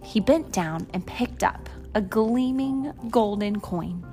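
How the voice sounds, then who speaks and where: A woman reading a picture book aloud, slow and expressive, voicing each character. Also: mid-range voice, faint music behind. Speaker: storyteller.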